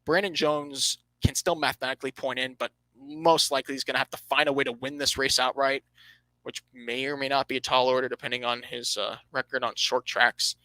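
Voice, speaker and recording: Bright-voiced man talking racing. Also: mid-range voice, brisk, dry recording, poor audio. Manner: animated, emphatic, restarts and self-corrections. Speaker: podcast host. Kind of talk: motorsport podcast commentary.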